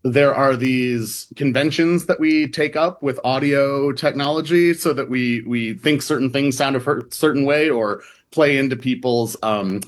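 A man's voice: medium pitch, unhurried, hardly any pauses. A man from the Midwest, a reporter talking as a radio interview guest, chatty and full of fillers.

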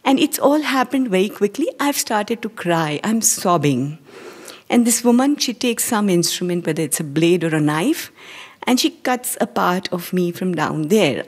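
An Indian woman in her forties, telling a personal story live on stage with measured, hesitant pacing and quiet near-whispered passages. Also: mid-range voice, breathy edge. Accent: Indian English. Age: 40s.

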